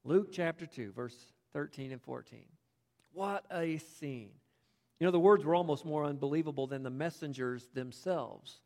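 A man preaching a sermon, telling the story with animated, conversational asides. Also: on the high side, normal speed. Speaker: pastor. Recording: long hall reverb.

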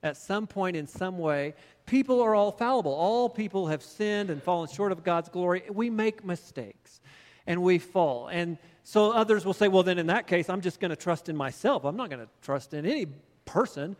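A middle-aged male pastor with a notably high voice delivers a sermon, moving from a casual personal story into emphatic preaching. His words echo with the long reverb of a church sanctuary. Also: expressive, normal speed.

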